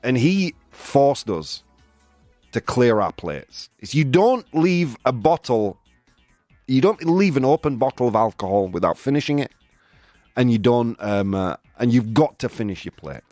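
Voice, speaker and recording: A man hosting a radio show, chatting loosely and poking fun at himself. His pitch swings lively and the studio sound is dry and close. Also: a little slow, dry recording, soft background music. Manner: jokey, self-mocking, laughs often. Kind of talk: casual radio chat.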